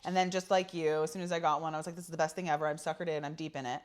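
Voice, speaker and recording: A woman from California co-hosting a podcast in casual chat, animated and chatty, laughing often. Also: deep voice, very fast. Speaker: podcast co-host.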